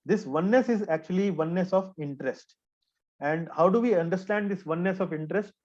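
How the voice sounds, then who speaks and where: Man, scripture teacher, somewhat high voice, earnest, hesitant fillers, dull lo-fi sound. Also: quick pace, darkish tone. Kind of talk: explanatory spiritual lecture. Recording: dull lo-fi recording.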